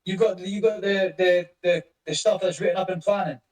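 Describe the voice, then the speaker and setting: A man's voice: sits high, fairly even intonation, brisk, a little mellow, echoey room, recorded from a distance, rough recording. A man hosting a casual online voice chat, rambling and swearing as he greets listeners by name. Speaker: crypto project lead hosting a community voice chat.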